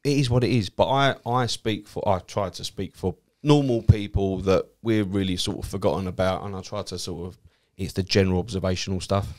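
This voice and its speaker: Lower-pitched Essex man swearing through his stories. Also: fairly quick, few pauses. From Essex, England. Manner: swears freely, acts out quoted people in a lively way. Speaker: cab driver and comedian guest. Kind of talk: casual chat, telling anecdotes.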